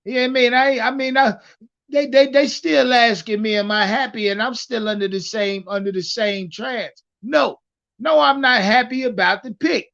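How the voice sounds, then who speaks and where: Bright, sharp male stream host; excitable, swearing, stop-start delivery over muffled audio. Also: very high-pitched, normal speed, vocal fry. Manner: animated, profane, repeats words when starting thoughts. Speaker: livestream sports host. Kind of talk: casual livestream commentary.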